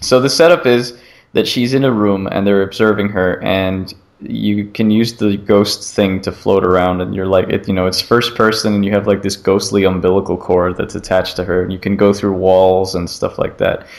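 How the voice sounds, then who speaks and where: A man with a lowish voice talks through a video game demo in a loose, rambling way. He keeps circling back and trying out the lines the characters say. The talk is a relaxed podcast chat between friends. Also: normal speed. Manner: rambling, animated retelling with acted-out quotes. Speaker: podcast co-host. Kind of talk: casual gaming chat.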